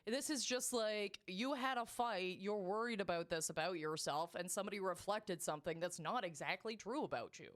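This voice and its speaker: A woman's voice: medium pitch, normal speed, few pauses. A woman co-hosting a podcast in casual chat, emphatic and swearing freely. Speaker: podcast co-host.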